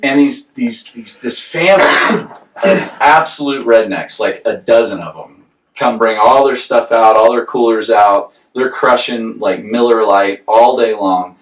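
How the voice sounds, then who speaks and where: A man's voice: mid-range voice, a little slow. Laughing Southern man telling a story. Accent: Southern American. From Southern United States. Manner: rambling storyteller, laughs often. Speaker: podcast co-host. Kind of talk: casual chat. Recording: roomy echo, far from the mic.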